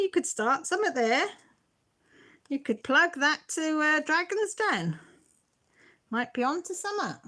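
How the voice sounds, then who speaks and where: A woman's voice: mid-range voice, a bit bright. A middle-aged woman, hosting a casual live stream, reading comments and often breaking into giggles. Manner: giggly, self-deprecating, chatty.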